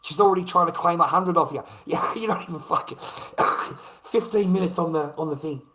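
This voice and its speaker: A man's voice: a little high, moderate pace, pushed and bright, low-quality recording. A man in a casual monologue, blunt and heavily profane, hammering his points home by repeating them. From Australia. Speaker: vlogger.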